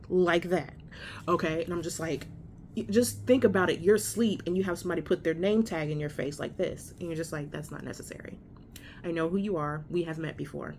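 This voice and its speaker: A woman's voice: fairly low pitch, a little mellow, a little hiss or hum. A woman telling a story in a casual vlog from a hospital room, blunt and profane, exasperated as she recounts it. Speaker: vlogger.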